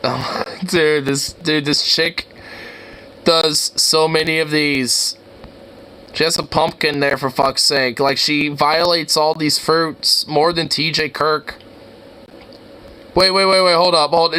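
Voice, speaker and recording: Young guy reacting to vids, bright voice, swears a lot, keeps going "what, what, dude". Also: on the high side, slow, a little hiss or hum. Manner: incredulous, excitable, swears a lot, stammers. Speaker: reaction video host. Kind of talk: casual reaction commentary.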